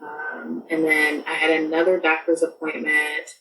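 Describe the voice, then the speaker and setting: A woman's voice: deep voice, completely flat delivery, unhurried, creaky, sharp tone, echoey room, distant mic, faint music behind, rough recording. A woman guest on a podcast, telling a personal story in casual, rambling speech full of fillers and restarts.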